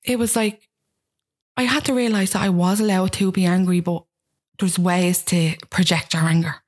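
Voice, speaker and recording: Speaking at a fairly low pitch with fairly even intonation, a young woman from Dublin, Ireland, tells her story as a guest. The telling is rapid, candid and self-mocking, and she acts out people's remarks.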